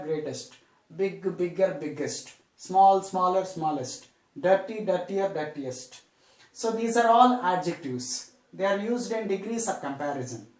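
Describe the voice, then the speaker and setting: A man from India teaching an English grammar lesson, repeating each example slowly and stressing the key words. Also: high voice. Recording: roomy echo, distant from mic.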